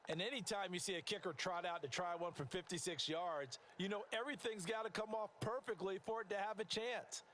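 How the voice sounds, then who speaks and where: An analytical football color commentator from a video game. He breaks plays down in a measured, explanatory way. His voice sits slightly high. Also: a bit bright, a little hiss or hum. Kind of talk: scripted sports commentary.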